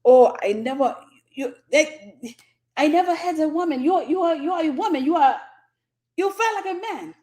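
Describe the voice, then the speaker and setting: A woman's voice: sits high, lively intonation, moderate pace, darkish tone, voice pushed up. A woman imitating her astonished husband from Cameroon, with a Cameroonian accent, marveling and stumbling over his words. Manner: repetitive, marveling, stammering. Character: man from Cameroon, amazed husband.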